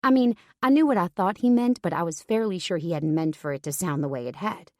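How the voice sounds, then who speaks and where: A woman narrating a first-person romance audiobook in a steady, wry storytelling manner. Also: lowish voice, brisk, no echo, clean studio sound.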